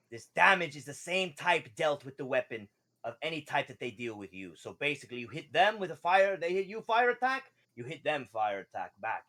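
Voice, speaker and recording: A man's voice: fairly high pitch, fairly bright tone. A man doing a wobbly-voiced fish-man merchant. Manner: salesy, broken phrasing.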